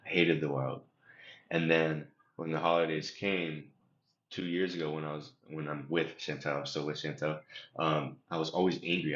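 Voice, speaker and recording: A man's voice: extremely low pitch, fairly bright tone. A man coaching on emotional regulation, speaking earnestly in a rambling podcast interview, often repeating his words. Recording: roomy, dull lo-fi sound.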